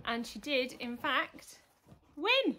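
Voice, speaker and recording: High-voiced chatty woman vlogger. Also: very animated, slow pace, sharp tone, a little hiss or hum. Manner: chatty, gushing, talks fondly to her dogs. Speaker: vlogger and dog agility handler. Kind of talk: casual vlog chat. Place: outdoors at a cold winter dog show. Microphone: handheld camera.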